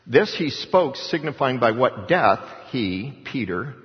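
A man preaching a sermon to his congregation, his voice rising to loud, insistent emphasis and then dropping to quiet asides. He sits at a middle pitch, and the sound carries a long, ringing hall reverb. The recording is dull and muffled, lacking top end. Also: big pitch swings, slow, hardly any pauses. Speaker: pastor.

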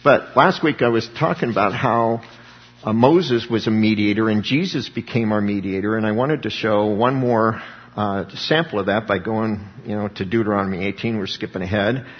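Male pastor, husky, conversational sermon with voiced quotes, dull lo-fi hall recording. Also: fairly low pitch, moderate pace. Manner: conversational preaching, acting out quoted speakers. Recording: dull lo-fi sound with long hall reverb.

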